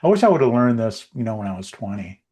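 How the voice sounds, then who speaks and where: A man's voice: on the low side, fast. Rambling casual man on a livestream. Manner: relaxed, rambling, many fillers and restarts. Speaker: co-host. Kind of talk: casual podcast chat.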